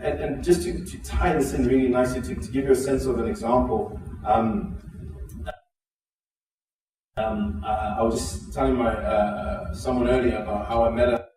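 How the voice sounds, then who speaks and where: A man's voice: normal speed, long pauses, faint music behind. A man from Zimbabwe giving a conference keynote, telling stories and acting out quoted dialogue, with frequent restarts. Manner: animated storytelling, acts out quoted dialogue with pitch jumps; frequent restarts and filler words. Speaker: keynote speaker. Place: large conference hall. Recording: echoey hall, voice from a distance.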